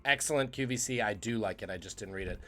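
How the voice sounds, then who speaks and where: A man's voice: on the low side, quick pace, a bit bright, faint music behind. A man hosting a live trivia stream, joking and reading out the chat's guesses. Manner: jokey, punning, reads chat aloud. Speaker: trivia quiz host.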